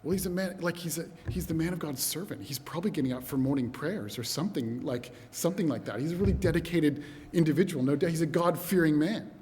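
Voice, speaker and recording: Male preacher, fairly high voice, animated storyteller, long reverb of a hall. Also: fast, slight background noise. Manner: animated storyteller, addresses brothers and sisters. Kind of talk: sermon. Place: church hall.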